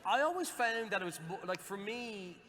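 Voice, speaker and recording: A man's voice: sits high, animated, moderate pace, noisy background. A man with an Irish accent, joking and swearing freely as an actor on a convention panel. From Ireland. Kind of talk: casual panel chat. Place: large convention hall. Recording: echoey convention hall.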